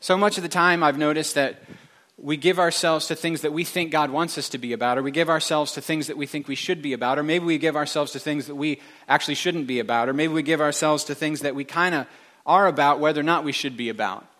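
A man's voice: a little high, quick pace, fairly bright tone. A middle-aged male pastor giving a casual, rambling sermon with wry asides and self-corrections. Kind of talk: conversational sermon.

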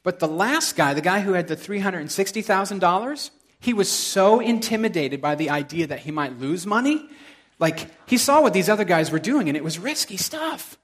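A man's voice: sits high, animated, moderate pace. A middle-aged male pastor preaching a sermon in a casual, storytelling way, with frequent asides to the congregation.

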